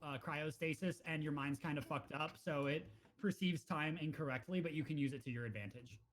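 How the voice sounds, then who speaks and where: A man with a fairly high voice chats casually on a gaming podcast. He tells his stories with energy and acts out the lines of the characters he met. The talk is loose and full of fillers. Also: brisk. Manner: animated storyteller, acts out game characters' lines. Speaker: podcast co-host.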